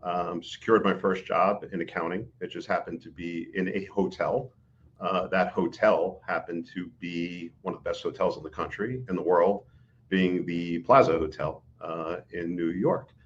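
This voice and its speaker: A man's voice: low-pitched, steady tone, moderate pace. A middle-aged man, a guest on a podcast, telling career stories in casual talk and acting out quoted dialogue, with frequent fillers. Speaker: interview guest, executive recruiter. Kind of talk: casual storytelling in a podcast interview. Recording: dull, lo-fi audio.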